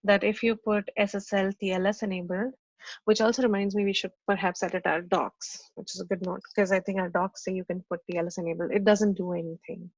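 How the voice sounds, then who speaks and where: A woman's voice: mid-range voice, little pitch movement, brisk, no room sound, muffled recording. A woman in a casual work meeting on a video call, matter-of-fact as she reads out settings and explains issues. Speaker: software engineer in triage meeting.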